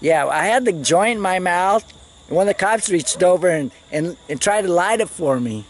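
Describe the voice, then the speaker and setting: Animated man rambling through a story. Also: high-pitched, moderate pace. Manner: rambling, animated, swearing, acts out others' lines. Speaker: vlogger telling a travel story. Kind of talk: casual storytelling.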